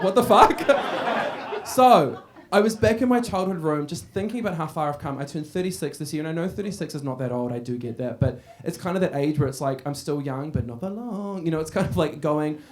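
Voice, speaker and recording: A man's voice: fairly high pitch, noisy background. A man doing a stand-up set in a club, brash and crowd-teasing, swearing freely and laughing. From Australia. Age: 30s. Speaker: stand-up comedian. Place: comedy club stage.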